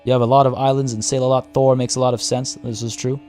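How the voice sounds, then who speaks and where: A man's voice: mid-range voice, little pitch movement, fast, soft background music. Chatty man streaming a strategy game. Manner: chatty, reads chat aloud and thinks out loud. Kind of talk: live game streaming commentary.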